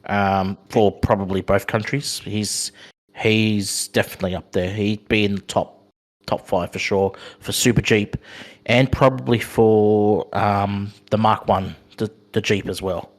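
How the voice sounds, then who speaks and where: A fairly low-pitched Australian man talks things over in a relaxed podcast chat. He stops and starts often and fills the gaps with ums. His voice sits low and steady. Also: measured pace. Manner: hesitant, many ums and restarts. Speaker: podcast co-host. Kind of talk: casual chat.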